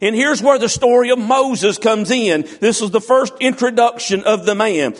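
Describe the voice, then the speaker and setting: A man's voice: high-pitched, moderate pace, few pauses. A man preaching a sermon, folksy and fervent, reading scripture and speaking directly to the congregation. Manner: folksy, fervent, many "uh" fillers.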